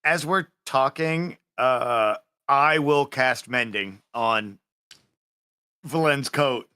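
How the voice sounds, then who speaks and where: A man's voice: medium pitch, drawn-out words, bright, forceful tone, clean tone. A man playing in a live-play tabletop game, tentative and prone to restarting his sentences. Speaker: player.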